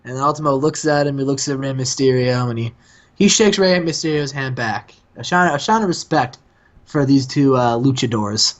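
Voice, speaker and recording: A man's voice: medium pitch, moderate pace. A man hosting a casual gaming commentary, joking and acting out characters as he plays. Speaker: host. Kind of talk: casual let's-play commentary. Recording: dull lo-fi mic.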